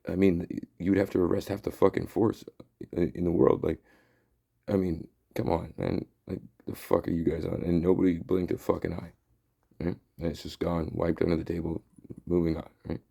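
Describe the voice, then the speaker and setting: A man rants in a heated, rambling way, swearing freely. His low voice is thick with gravel and fry, with a dark, husky tone. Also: little pitch movement, moderate pace. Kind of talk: ranting monologue.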